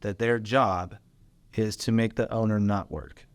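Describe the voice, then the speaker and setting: A man hosting a casual podcast conversation, an animated storyteller who swears freely as he talks about running his business. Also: fairly low pitch, a little slow, no room sound. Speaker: podcast host and business owner.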